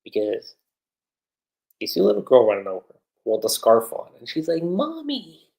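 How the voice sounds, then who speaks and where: A man hosting a livestream, recapping an anime episode in a chatty, animated way, with lots of fillers. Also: fairly low pitch, moderate pace, gravelly, poor audio. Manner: animated retelling with frequent fillers. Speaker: anime reviewer.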